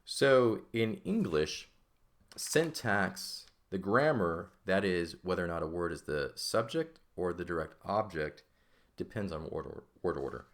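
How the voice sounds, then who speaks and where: A man's voice: sits low, expressive, unhurried. A man teaching a recorded language lesson, explaining step by step and often checking with "right?" and "okay?".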